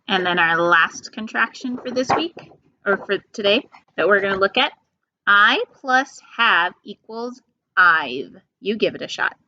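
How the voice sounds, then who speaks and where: A woman teacher leading a phonics lesson for young children, drawing each sound out slowly and patiently. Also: mid-range voice, pushed and bright. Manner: slow, patient, drawn-out sounds. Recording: dull lo-fi sound.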